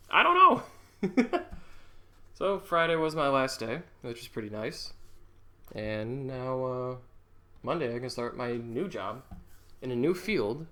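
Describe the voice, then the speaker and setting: A man's voice: medium pitch, moderate pace, pauses often. A young man chatting casually through a storytime vlog, rambling and dropping lots of likes.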